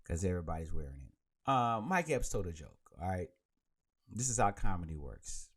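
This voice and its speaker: A man's voice: deep voice, moderate pace, husky. A man hosting a podcast live, chatting casually and rambling, speaking into a handheld mic. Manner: animated and rambling, with many restarts. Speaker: podcast host. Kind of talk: casual chat on a live stream.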